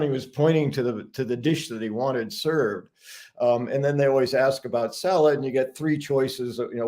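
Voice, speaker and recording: Man, mid-pitched, chatty live-stream guest who laughs through his own anecdotes. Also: a little mellow. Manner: chatty storyteller, frequent restarts and chuckles. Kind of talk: casual live-stream chat.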